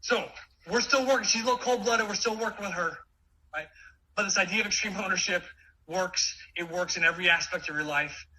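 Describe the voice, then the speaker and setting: A man in his forties giving an energetic motivational talk, with many quick restarts. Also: sits high, slight background noise, rough recording. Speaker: keynote speaker.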